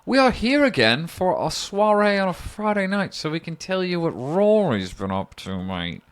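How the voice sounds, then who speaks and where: A man's voice: high-pitched, big pitch swings, moderate pace, clean tone, pitched above the performer's own voice. A man doing a pompous posh old grandpa.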